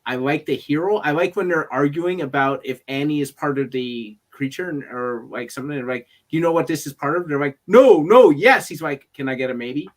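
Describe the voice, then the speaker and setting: A man on a movie review panel giving his pick in a casual chat, with wry, deadpan asides. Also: mid-range voice, brisk, few pauses.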